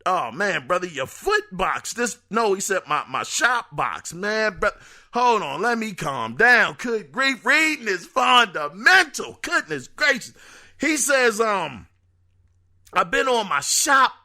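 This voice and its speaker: A man hosting a casual solo podcast, reading listener emails in an animated, joking way that trips over words. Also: sits high, unhurried. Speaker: podcast host.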